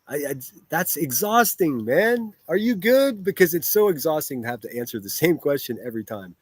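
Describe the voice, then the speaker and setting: A man's voice: fairly high pitch, big pitch swings, moderate pace, breathy edge, dry recording. A man hosting a live stream and answering his chat in a blunt, profane, rambling way, with frequent restarts. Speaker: livestreamer reading chat.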